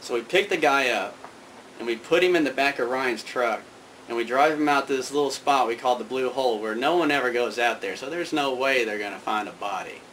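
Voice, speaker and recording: A man's voice: medium pitch, fairly quick, fairly bright tone, a little hiss or hum, low-quality recording. A man telling a casual, rambling anecdote, full of fillers and restarts. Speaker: storyteller.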